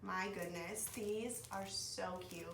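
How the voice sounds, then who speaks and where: A woman in her twenties chatting to camera about her work as a speech-language pathology assistant, gushing and excited, with lots of "like" and "oh my gosh". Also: mid-range voice. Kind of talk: casual chat to camera. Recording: echoey room, mic at a distance, faint noise.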